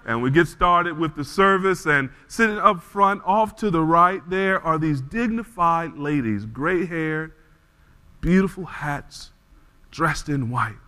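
A man preaching a sermon, telling a story in an animated way before he reads scripture and leads a prayer. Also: on the high side, takes it slowly, long reverb tail. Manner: animated storyteller, frequent restarts. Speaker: pastor.

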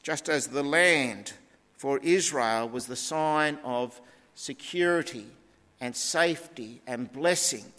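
A man preaching a sermon in a measured teaching tone with deliberate emphasis. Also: mid-range voice, a bit bright. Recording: long reverb of a large hall.

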